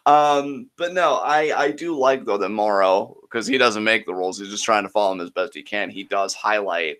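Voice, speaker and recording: A man co-hosting a show in relaxed casual chat, often pausing with ums. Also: lowish voice. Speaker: podcast co-host.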